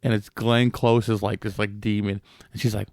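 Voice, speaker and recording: A man's voice: lowish voice, flat delivery, normal speed, creaky, darkish tone, dry recording, studio quality. A man co-hosting a podcast, chatting casually about a movie with crude jokes. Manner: laughing, crude, joking. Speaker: podcast co-host. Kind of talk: casual chat.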